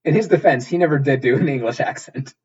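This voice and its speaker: A sarcastic man riffing through a bad-movie recap, his voice a little husky and breathy. He rambles, swears freely and fills gaps with "uh". The sound is dull and lo-fi, like a home podcast. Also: medium pitch, fast. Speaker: podcast co-host. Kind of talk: casual comedic chat.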